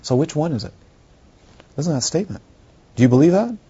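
A male Buddhist teacher gives a dharma talk to students, animated and full of rhetorical questions, acting out how people react. His voice is on the high side and a little fast, with a breathy edge. The recording has its highs cut off.

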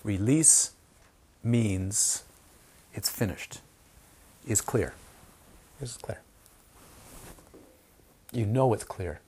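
A man giving an informal Dharma talk to a small group, telling stories with animated asides. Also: fairly low pitch, extremely slow, pauses often, slightly rough. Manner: animated storytelling, acts out quoted voices. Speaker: meditation teacher.

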